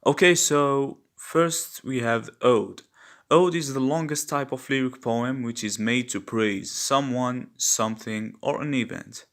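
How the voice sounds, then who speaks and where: A man teaches a poetry lesson at an unhurried pace, his voice sitting at a middle pitch. He walks through each step patiently and repeats the key terms so they stick. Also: a bit bright. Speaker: English literature teacher.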